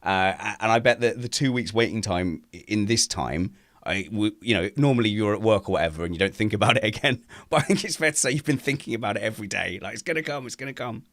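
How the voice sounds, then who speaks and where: A man's voice: fairly low pitch, quick pace, no echo, studio quality. A man co-hosting a casual podcast, teasing his friends. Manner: teasing, animated. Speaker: co-host.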